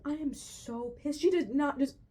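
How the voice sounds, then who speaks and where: A woman's voice: sits high, normal speed, background noise. A young woman ranting in a casual video commentary, exasperated, swearing freely and calling her viewers "bro". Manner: exasperated, swears a lot, says "bro" often. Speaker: vlogger.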